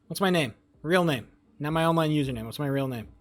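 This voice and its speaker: A young man with a highish voice talks fast to his live-stream viewers. He rambles, swears, and jokes while reading and responding to chat.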